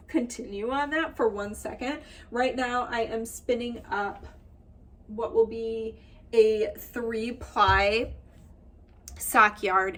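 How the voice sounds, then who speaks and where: A woman's voice: medium pitch, fairly bright tone. A woman with a slightly nasal voice, chatting casually to camera as the host of a knitting and spinning vlog. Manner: chatty and upbeat, many fillers and little laughs. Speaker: knitwear designer and vlog host.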